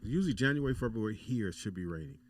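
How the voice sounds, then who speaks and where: A man's voice: on the low side, lively intonation, rapid-fire. A man from California hosting a casual talk show, laid-back and joking. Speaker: host. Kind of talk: casual chat.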